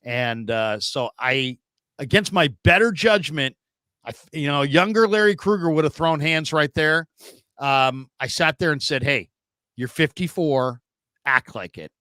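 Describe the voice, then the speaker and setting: Male host, 40s, bright and animated storyteller, dry close mic. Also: a little high, measured pace, no echo. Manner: animated storyteller, acts out quoted people. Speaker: show host. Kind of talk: casual sports podcast chat.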